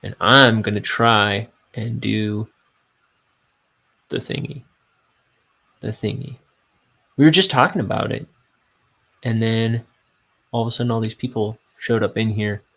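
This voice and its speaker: A man's voice: on the low side, steady tone, unhurried, vocal fry, pauses often, pushed and bright, low-quality recording. A man who is a cartoonist, chatting casually and self-mockingly while he inks his comic on a livestream. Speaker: cartoonist streaming his inking.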